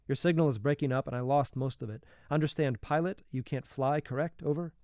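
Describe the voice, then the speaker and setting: A man voicing a calm adult radio operator speaking in clipped, procedural phrases. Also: mid-range voice, fairly quick, no echo, studio quality, close to an everyday voice. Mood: businesslike.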